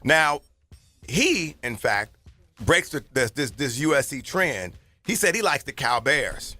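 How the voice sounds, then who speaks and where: A man's voice: medium pitch, very animated, bright, forceful tone, faint music behind. A man with a Southern Californian accent co-hosting a sports radio show in a studio, teasing and bantering in casual talk. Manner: playful, teasing, fast banter.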